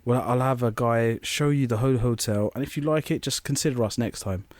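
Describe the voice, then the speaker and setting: In a laid-back storytelling chat, this young podcast co-host wanders through an anecdote and performs the quoted voices. He speaks fairly quickly in a mid-range voice, recorded with no echo.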